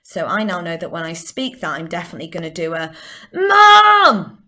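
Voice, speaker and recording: A middle-aged woman teaching drama, leading a vocal warm-up with clear, encouraging instructions. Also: low-pitched, fairly even intonation, fast talker. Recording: echoey room.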